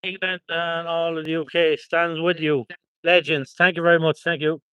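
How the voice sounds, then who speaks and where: A man's voice: a little high, level tone, normal speed, bright, forceful tone, clean tone, dry recording, highs cut off. An Irish man chatting on a live stream, reading out viewer comments and thanking viewers by place in an upbeat way, outdoors at a protest on a phone held close. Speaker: livestreamer.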